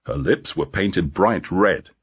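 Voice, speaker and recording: A man narrating a graded-reader story in a clear, measured way. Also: sits low, sing-song. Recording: dull lo-fi audio.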